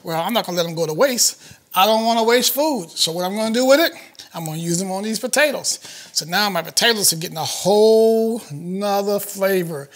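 A man's voice: sits high, expressive, fairly quick. A man hosting a cooking demonstration, chatty and enthusiastic, talking straight to the viewers as he cooks. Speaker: chef hosting a cooking show.

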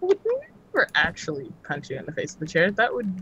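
A woman's voice: fairly low pitch, wildly swooping pitch, a little fast, a bit bright, highs cut off, a little hiss or hum. A woman chatting casually while gaming, teasing and sarcastic, laughing often. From United States. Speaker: gamer.

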